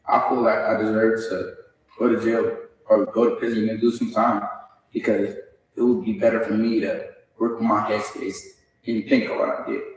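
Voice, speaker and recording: A young man stands before the court and speaks through tears, halting, remorseful and repeating himself. His voice sits low. The sound is a long echoing hall, picked up from well back from the microphone. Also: flat delivery. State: crying. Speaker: defendant at sentencing. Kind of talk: courtroom statement. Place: large echoey courtroom. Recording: echoey courtroom from far off.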